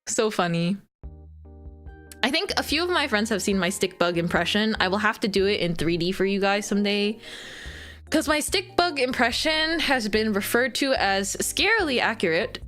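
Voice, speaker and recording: A young woman streamer in casual chat with her viewers, giggly and animated, squealing when she quotes herself. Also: mid-range voice, moderate pace, soft background music.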